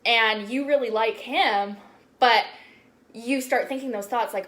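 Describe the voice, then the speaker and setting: A woman's voice: on the high side, unhurried, fairly bright tone. A young woman spiritual coach talking casually on a live stream, chatty and full of "like"s and swearing. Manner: chatty, swears often, many "like"s.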